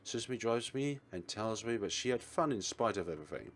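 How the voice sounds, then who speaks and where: A man's voice: fairly low pitch, expressive, fairly quick, slight background noise. A man hosting a let's play, reading a visual novel in first person and voicing the protagonist with a dry, wry manner.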